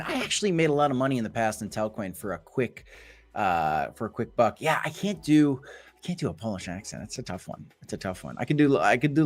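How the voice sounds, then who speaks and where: A man's voice: medium pitch, animated, brisk. Rambling man streaming crypto commentary. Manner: rambling, with many fillers and restarts. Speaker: crypto channel host. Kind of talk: casual livestream market commentary.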